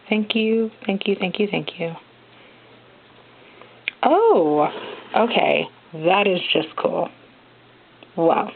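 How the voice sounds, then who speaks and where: Excitable young woman on tinny phone audio. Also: medium pitch, slow, long pauses, slight background noise. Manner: excitable, gasping and chatty. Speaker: vlogger unboxing a gift. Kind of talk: casual unboxing vlog. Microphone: handheld phone camera.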